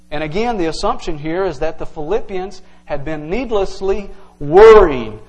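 A man's voice: a little high, animated, moderate pace, a little mellow, rough recording. A male pastor preaching an earnest, emphatic evening sermon to his congregation, teaching verse by verse.

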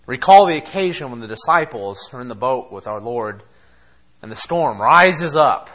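A man preaching a sermon, impassioned, swinging between quiet asides and loud exhortation. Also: medium pitch, lively intonation, normal speed. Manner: impassioned, acts out quoted voices, laughs between points.

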